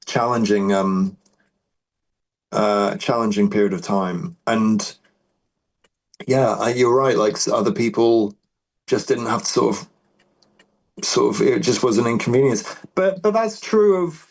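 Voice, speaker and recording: A man's voice: lowish voice, unhurried, pauses often, rough recording. A British man, a musician guest, talking casually, rambling with many restarts. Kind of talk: casual interview chat.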